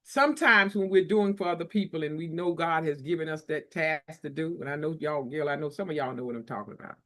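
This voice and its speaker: A woman's voice: low-pitched, brisk, fairly bright tone. A woman hosting a book launch, giving an emotional, preachy motivational talk full of repetition. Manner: preachy, repetitive, tearful at times. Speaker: book collaboration host.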